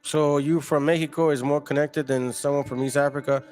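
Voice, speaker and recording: Man, livestream host, slightly high voice, confrontational, mocking, faint background music. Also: fairly even intonation, a little fast, darkish tone. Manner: combative, mocking, talks back to viewers. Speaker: channel host. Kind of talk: livestream commentary reading chat.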